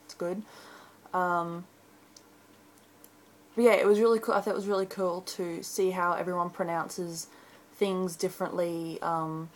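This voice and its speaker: A teenage girl from Brisbane speaks with a broad Australian accent, her voice pitched a little on the low side. She chats casually to her webcam, rambling and filling pauses with ums as she works through a word list. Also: fairly even intonation, low-quality recording. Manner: chatty, rambling, frequent ums. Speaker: vlogger. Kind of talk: casual accent-tag video.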